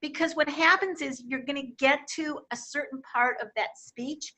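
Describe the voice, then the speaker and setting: A woman with a high, bright voice, speaking as a communication coach in an interview. She leans hard on her key words and backs each point with quick examples. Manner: emphatic, quotes vivid examples. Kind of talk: interview conversation. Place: Akron, Ohio.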